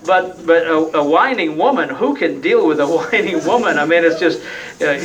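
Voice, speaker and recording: A man's voice: fairly high pitch, lively intonation, moderate pace, far from the mic, poor audio. A man preaching a sermon in a conversational, folksy way, often tagging his points with rhetorical questions.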